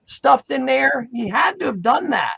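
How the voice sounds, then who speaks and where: A man's voice: very high-pitched, sing-song, unhurried, vocal fry, sharp tone, breathy edge. A man from Pennsylvania, a guest in a casual livestream chat, joking and blunt and swearing freely. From Pennsylvania, USA. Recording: muffled lo-fi audio.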